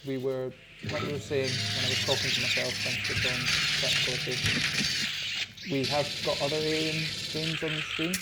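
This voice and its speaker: Scottish male streamer, mid-pitched, dry teasing banter, heavy noise hiss underneath. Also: level tone, moderate pace. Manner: chatty, teasing, wry. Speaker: game stream co-host. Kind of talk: casual let's-play chat. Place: small streaming studio. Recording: loud background noise hiss.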